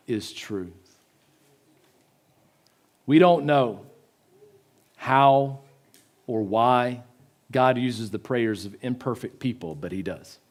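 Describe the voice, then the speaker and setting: A man giving a sermon in a church, swinging from loud pleading to hushed, slow emphasis. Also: mid-range voice. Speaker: pastor.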